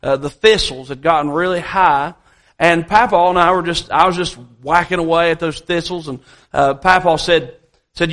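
Man, pastor, sermon in a church, higher voice, emphatic, repeats phrases, folksy asides. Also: normal speed, a bit bright.

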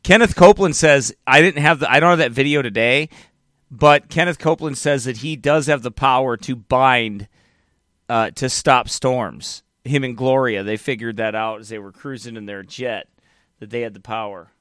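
A man commenting on a preaching clip, mocking it, animated, often laughing. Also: medium pitch, moderate pace, clean tone, dry recording, clean studio sound. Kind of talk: reaction commentary.

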